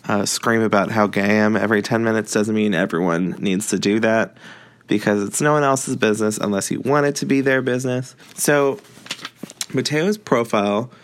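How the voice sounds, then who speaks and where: A man's voice: on the low side, fairly even intonation, moderate pace. Guy chatting about a book, loose and rambly, lots of um and like. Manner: chatty, rambling, frequent fillers and laughs. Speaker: book reviewer. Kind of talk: casual book chat.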